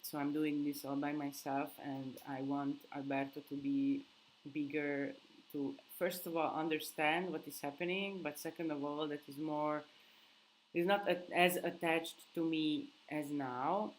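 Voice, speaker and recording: A woman's voice: deep voice, steady tone, a little slow, a little hiss or hum, rough recording. Sleep-deprived young woman chatting live. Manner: thinking aloud, hunting for words. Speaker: livestream host answering viewer questions. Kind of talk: casual live Q&A chat.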